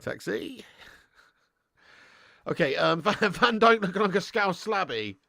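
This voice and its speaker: A man's voice: high-pitched, lively intonation, moderate pace, creaky, bright, forceful tone, no room sound, clean studio sound. A young man hosting a live football watch-along, chatting casually, laughing often and answering viewers' comments.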